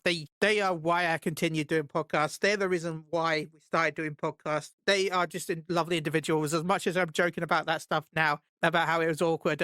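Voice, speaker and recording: A man's voice: fairly high pitch, pushed and bright, dry recording. A British man hosting a podcast in casual chat, rambling and correcting himself as he tells stories. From Britain. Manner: rambling, self-correcting storyteller. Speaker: podcast host.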